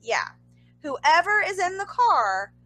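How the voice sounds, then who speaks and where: A young woman chatting on a podcast as co-host, her voice high and bright. She tells a story with big swings in pitch and throws in exasperated asides. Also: sing-song, slow pace, no room sound, poor audio. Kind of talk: casual podcast chat.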